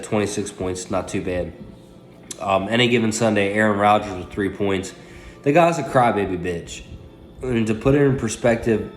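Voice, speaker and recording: A man's voice: lowish voice, a little hiss or hum. Casual fantasy football recap, cussing dude in his late twenties, phone mic, roomy echo. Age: late 20s. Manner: profane, loose, trash-talking. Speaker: fantasy football league commentator. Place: indoors, phone propped on paper towels.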